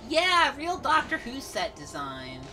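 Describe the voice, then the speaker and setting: Bright, lively woman joking over a game. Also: high voice, takes it slowly, distant mic, soft background music. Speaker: co-host playing a game. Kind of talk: casual gameplay chat.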